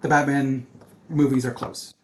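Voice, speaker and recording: A man co-hosting a podcast, chatting casually about movies, quick to agree and rattling off lists. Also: medium pitch, little pitch movement, darkish tone, a little hiss or hum. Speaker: podcast co-host.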